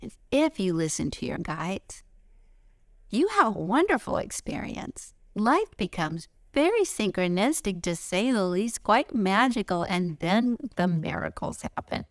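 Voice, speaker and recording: A middle-aged woman giving a spiritual lesson outdoors, expressive, jumping from high excited bursts to soft whispers. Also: a little slow, few pauses, dry recording, clean studio sound. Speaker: spiritual teacher.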